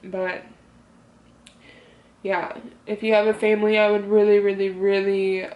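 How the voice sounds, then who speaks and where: A young woman speaks to her camera in a rambling, heartfelt way, full of fillers. Her pitch stays fairly level, with little rise and fall. The voice carries a noticeable echo from a room at home. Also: level tone, a little slow, highs cut off, slight background noise. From Michigan. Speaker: vlogger. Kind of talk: casual talk to camera. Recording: roomy echo.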